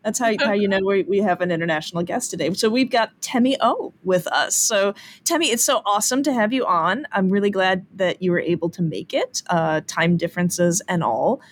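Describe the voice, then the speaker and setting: A woman's voice: medium pitch, a little fast, hardly any pauses. A woman from the American Midwest with a neutral Midwestern accent and a mid-range voice, co-hosting a casual podcast. She talks in an easygoing, friendly way over a faint background hiss. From Midwest, United States. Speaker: podcast co-host.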